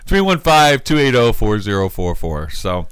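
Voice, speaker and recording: A man's voice: on the low side, big pitch swings, moderate pace, fairly bright tone, clear, resonant tone, dry recording. A man, a pastor co-hosting a church talk show, chatting casually and enthusiastically and laughing easily. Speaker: pastor and co-host.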